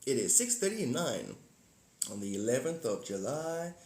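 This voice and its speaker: A man in his forties hosts a loose livestream chat. He rambles, repeats himself and keeps breaking off to greet viewers by name. His voice sits at a middle pitch and carries a roomy echo. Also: very animated, normal speed, darkish tone. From South Africa. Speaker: livestream host.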